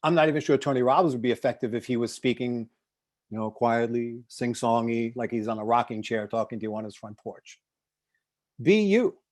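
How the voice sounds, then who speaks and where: A middle-aged man from the United States, a success coach giving an animated motivational talk on a video call, swinging from loud bursts to hushed asides as he tells stories. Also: mid-range voice, brisk.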